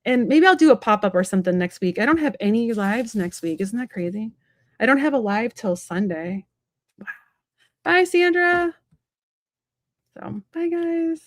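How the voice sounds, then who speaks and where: A woman's voice: a little high, expressive, normal speed, long pauses, dry recording, clean studio sound. A woman in her thirties from Kansas, hosting a casual tarot livestream, chatty and rambling with lots of fillers and asides.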